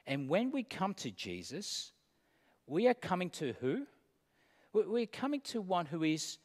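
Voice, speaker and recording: A man preaching a sermon, earnest and deliberate, pausing between phrases. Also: a little high, big-room sound.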